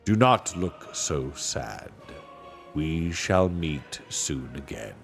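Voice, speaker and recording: A man voicing a great male lion, solemn and kind, speaking slowly and gravely in a storybook reading. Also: sing-song, faint music behind, heavily acted. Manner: slow, low and grave.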